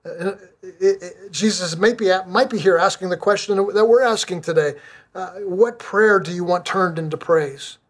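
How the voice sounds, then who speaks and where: A middle-aged male pastor preaching a sermon, earnest and deliberate, repeating phrases for emphasis. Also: high voice.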